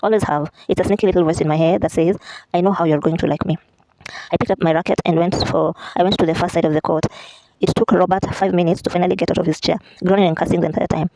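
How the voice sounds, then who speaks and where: A woman's voice: fairly low pitch, fairly even intonation, racing, dark tone, poor audio. A woman reading a memoir aloud in a casual way, correcting herself now and then and adding chatty asides.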